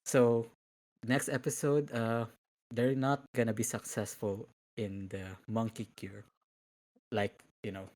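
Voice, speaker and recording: Man, podcast guest, casual interview, hesitant, many fillers, medium pitch. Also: level tone, slow, a little mellow. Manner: hesitant, laughs between words.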